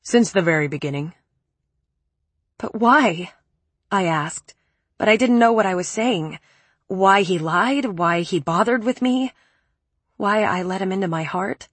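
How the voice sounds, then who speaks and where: A woman's voice: mid-range voice, unhurried, slightly rough, no room sound. A woman reading first-person audiobook narration with intense, emotional storytelling.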